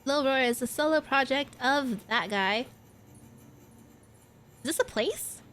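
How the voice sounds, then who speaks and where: A woman's voice: high-pitched, takes it slowly, a bit bright, slight background noise. A woman streaming a video game, reading in-game text aloud and breaking off to comment and laugh. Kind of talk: casual live-stream commentary.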